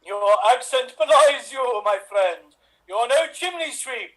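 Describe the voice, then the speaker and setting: A man's voice: very high voice, expressive, a little slow, fairly bright tone, full character voice, poor audio. A man playing a pompous, posh, self-important actor in an improv comedy scene, haughty and theatrical.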